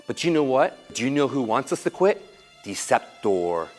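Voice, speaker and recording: A man giving an energetic motivational speech at a school assembly, leading children in call-and-response chants. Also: medium pitch, normal speed. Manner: animated and exclamatory, leading chants. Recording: background music under the voice. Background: music.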